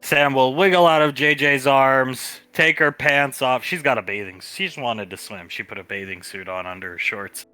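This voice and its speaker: A man's voice: mid-range voice, normal speed, few pauses, pushed and bright, no echo, soft background music. A man playing a tabletop role-play in a playful way, describing scenes and throwing in jokes. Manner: playful, tosses in joke ideas and cat noises. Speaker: tabletop game player.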